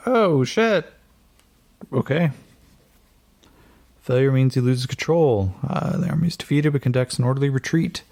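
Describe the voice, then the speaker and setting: A man running a tabletop game as game master, narrating in a relaxed, rambling way with many fillers and self-corrections. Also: medium pitch, a little fast, hardly any pauses.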